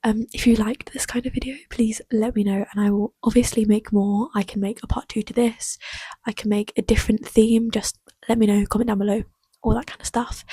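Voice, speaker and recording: A woman's voice: a little high, mellow, dry recording. A young woman in casual chat about books, gushing, her voice often dropping to a half whisper. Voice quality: breathy. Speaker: book vlogger.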